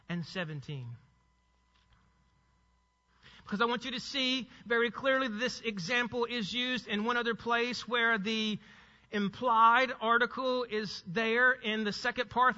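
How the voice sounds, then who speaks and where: Bright-voiced male preacher in a reverberant church. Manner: emphatic teaching, swinging between loud stresses and low asides. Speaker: pastor. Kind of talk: sermon. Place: church sanctuary. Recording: long hall reverb, dull sound.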